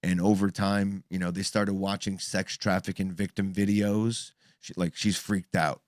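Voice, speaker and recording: A man's voice: deep voice, a little slow, dry recording, clean studio sound. A man in his thirties telling a story in casual chat, swearing freely and acting out what people said. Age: 30s. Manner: animated, profane, acts out quoted voices.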